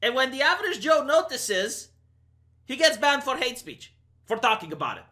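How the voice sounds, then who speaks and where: A Romanian-accented woman in her thirties holds forth in a vlog rant, sarcastic and swearing freely. Her voice sits a touch high and sounds bright and sharp. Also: big pitch swings, normal speed. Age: 30s. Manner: heated, sarcastic, profane ranting. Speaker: commentary vlogger. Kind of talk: opinion rant to camera.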